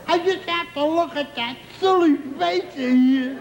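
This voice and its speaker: Brief: high-voiced giggly comic man, slow delivery, live studio audience and noise. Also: echoey room, muffled recording, crowd noise. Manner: giggly, breaks into laughter mid-story. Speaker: comic sidekick character. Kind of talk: barroom comedy sketch. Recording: old TV audio with audience laughter.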